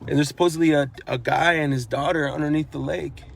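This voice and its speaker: Slightly high and creaky, this man's voice keeps a fairly even intonation at a somewhat quick pace, with faint noise behind him. He is an eyewitness earnestly recounting what he saw in the first person, looping back over his words and starting sentences again, becoming more urgent and emotional as he goes.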